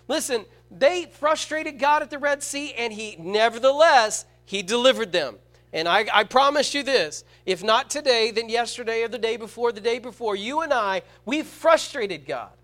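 A high-voiced male preacher delivers an expressive sermon to a congregation, swinging between loud, stressed words and soft, slow readings of scripture. He poses rhetorical questions often.

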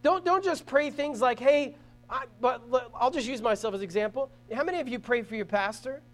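A pastor preaches to his congregation in a church. His voice sits very high for a man. He talks earnestly, stressing points and circling back over his phrases. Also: brisk, fairly bright tone, soft background music. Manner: earnest preaching with rising emphasis and repeated phrases. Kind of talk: sermon.

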